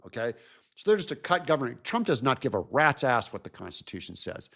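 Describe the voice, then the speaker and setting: Animated man ranting on politics. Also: medium pitch, a little fast, creaky. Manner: animated, mocking, emphatic. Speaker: host. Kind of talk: political commentary rant.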